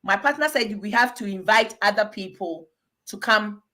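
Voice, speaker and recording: A woman's voice: mid-range voice, moderate pace, sharp tone. A woman in her forties with a Ghanaian accent, a guest talking casually and animatedly on a live video call, laughing often and slipping into pidgin. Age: 40s.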